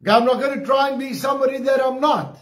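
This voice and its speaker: A man with an Eastern Cape South African accent preaching a communion sermon, slowing down to stress key phrases. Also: very high-pitched, roomy sound. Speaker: pastor.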